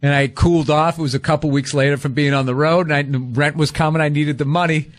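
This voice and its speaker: A man's voice: on the high side, steady tone, fast. A middle-aged man and stand-up comedian hosting a podcast, telling rambling stories in casual chat, acting out quotes and swearing freely.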